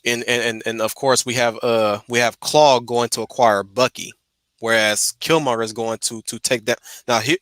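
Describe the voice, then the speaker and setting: Bright-voiced man, halting chatty host. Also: mid-range voice, no room sound. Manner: stumbling restarts, repeats words. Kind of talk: casual stream discussion.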